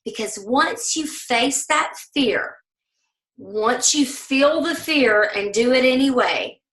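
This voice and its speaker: Fast-talking Southern woman, bright voice. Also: high voice, animated, echoey room, low-quality recording. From American South. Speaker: team leader. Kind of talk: motivational team call talk.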